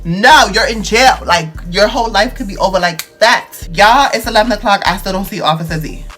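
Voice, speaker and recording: A man's voice: sits high, brisk, bright, forceful tone, faint music behind. A man, telling a dramatic, slang-heavy storytime on his vlog. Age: 20s. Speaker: vlogger.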